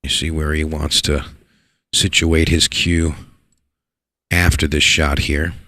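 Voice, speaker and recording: A man giving live play-by-play commentary on a pool match, excitable and repeating words for emphasis. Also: a bass voice, slow, dry recording, studio quality. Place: pool hall.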